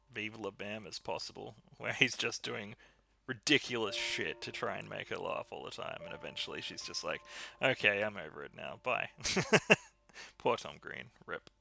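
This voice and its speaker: Gravelly male gamer, lively storyteller, laughs a lot, game music in the background. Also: lowish voice, measured pace. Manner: animated storyteller, laughs often, acts out quotes. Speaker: let's play co-host. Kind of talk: casual chat over gameplay. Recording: music bed behind voice.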